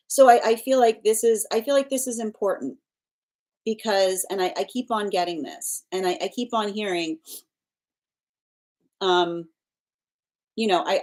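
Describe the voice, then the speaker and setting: A woman's voice: medium pitch, moderate pace, a little mellow. A woman giving a live tarot reading, rambling and circling back with repeated phrases and restarts. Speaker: tarot reader.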